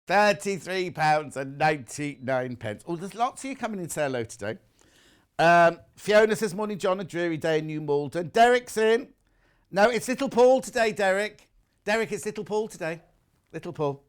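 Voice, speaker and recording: A man's voice: high-pitched, lively intonation, moderate pace, smooth. A male TV shopping host who chats live in a studio, reads out viewer messages and jokes about himself. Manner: chatty, self-mocking, jokey. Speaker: shopping channel presenter.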